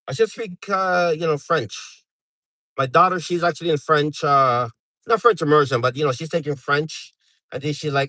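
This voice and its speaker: A man's voice: on the high side, normal speed, bright, forceful tone, no room sound, poor audio. Chatty middle-aged man on a live stream. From Canada. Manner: rambling, chatty, many fillers and restarts. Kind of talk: casual live stream chat.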